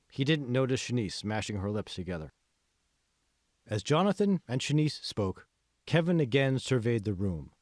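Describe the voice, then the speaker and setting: A man narrating his own novel, with a measured delivery that slows on descriptive details. His voice sits at a middle pitch, and the recording is dry and close. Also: darkish tone, no echo. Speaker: author and narrator. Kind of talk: audiobook narration.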